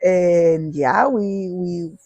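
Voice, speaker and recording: A podcast host tells a personal story in casual, rambling fashion, swearing freely and restarting sentences. The pitch sits in a middle range. The sound is dry and close, with no room echo. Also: drawn-out words, mellow, muffled recording.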